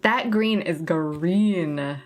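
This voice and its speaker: A woman with a lowish voice draws out her words over soft background music. She's hosting a casual cross-stitch livestream, chatting with viewers and thinking aloud as she sorts her floss colors.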